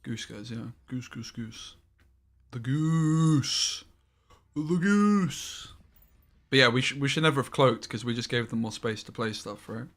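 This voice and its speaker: A man's voice: mid-range voice, steady tone, fairly quick, hardly any pauses, bright, forceful tone. A man streaming a card game live, thinking aloud about each play and swearing casually as he goes.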